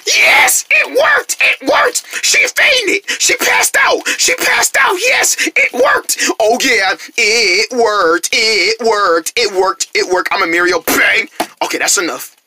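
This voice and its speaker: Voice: medium pitch, unhurried, pushed and bright, no echo. A performer voicing a grumpy cartoon rabbit who grumbles, schemes and brags. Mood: gloating.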